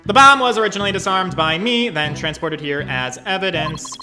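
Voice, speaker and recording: A streamer voicing a stiff robotic male bomb expert in a video game, speaking in clipped, flat, telegraphic phrases over game music. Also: medium pitch, brisk, close to an everyday voice.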